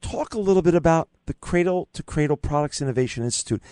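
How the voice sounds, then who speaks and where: This is a man hosting a radio interview. He gushes with praise and often restarts his sentences. His voice sits a little high and sounds dry and close on a studio mic. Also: expressive, fast talker, warm tone, smooth, dry recording. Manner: effusive, full of praise, many restarts. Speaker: radio show host. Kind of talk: casual interview chat.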